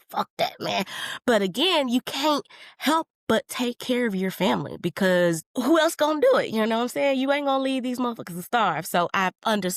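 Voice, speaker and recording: A woman hosting a solo podcast, rambling in a casual, animated way and speaking. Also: lowish voice, dry recording, clean studio sound. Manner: chatty and rambling, animated, with laughs and slang. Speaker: podcast host.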